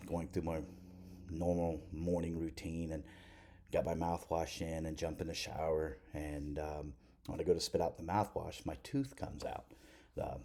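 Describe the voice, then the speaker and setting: A man's voice: very deep voice, mellow, husky. A middle-aged man, a preacher, rambling through a self-deprecating story to the camera with lots of restarts.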